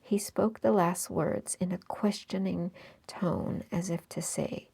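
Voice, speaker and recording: A woman reading a classic novel aloud in a hushed, breathy, unhurried manner. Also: lowish voice, fairly even intonation. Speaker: audiobook reader. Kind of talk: audiobook narration in a breathy whisper.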